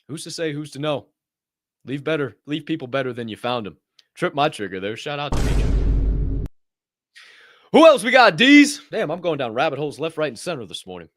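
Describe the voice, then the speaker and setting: A man hosting a motivational podcast, telling stories in a blunt, profane, animated way. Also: fairly high pitch, normal speed, long pauses, dry recording, studio quality. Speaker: podcast host. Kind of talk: casual motivational monologue.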